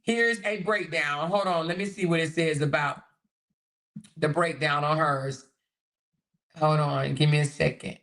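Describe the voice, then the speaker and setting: Bright-voiced woman livestream host. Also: low-pitched, steady tone, unhurried, long pauses. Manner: laughs often, swears freely, reads viewer comments aloud. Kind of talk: casual livestream commentary.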